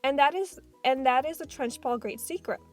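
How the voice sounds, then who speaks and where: A clever little girl, read by a woman in a storybook, explains her reasoning earnestly and calmly. The voice sits high and steady. Faint music plays underneath. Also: moderate pace, natural voice. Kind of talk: audiobook reading.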